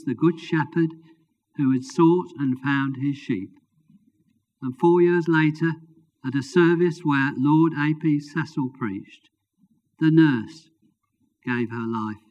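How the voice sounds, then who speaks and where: A male preacher delivers a sermon, slipping into storytelling with informal, self-deprecating asides. His voice sits a little high for a man. The recording sounds muffled and lo-fi. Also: takes it slowly, darkish tone. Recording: dull lo-fi recording.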